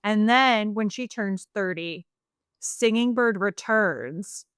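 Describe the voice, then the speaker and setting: A woman's voice: medium pitch, slow pace, fairly bright tone, clear, resonant tone, dry recording, studio quality. A woman co-hosting a podcast in casual chat, telling a made-up story playfully with lots of fillers. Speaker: podcast co-host.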